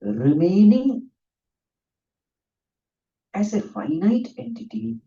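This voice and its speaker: Swami teaching scripture. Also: male voice, on the high side, big pitch swings, measured pace, long pauses, warm tone. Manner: earnest teacher who laughs often and tells stories. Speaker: swami giving a scripture talk. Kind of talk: spiritual discourse. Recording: distant, dull lo-fi room recording.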